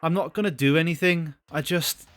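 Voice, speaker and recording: A man's voice: fairly high pitch, brisk, a bit bright, natural voice. A male streamer voicing a stern, powerful martial-artist woman who speaks in firm, protective, menacing lines.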